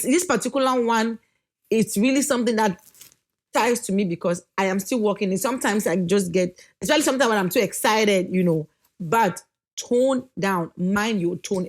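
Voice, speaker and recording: A woman with a naturally loud voice, giving casual marriage advice to the camera, animated, laughing often and slowly drawing out her key points. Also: medium pitch. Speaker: wife giving marriage advice, channel co-host.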